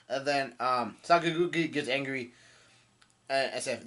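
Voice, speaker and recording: A young man reacting casually on the spot, halting often with fillers and restarts and swearing in surprise. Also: mid-range voice, a bit bright. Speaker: manga reaction host. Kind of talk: casual live reading and reaction.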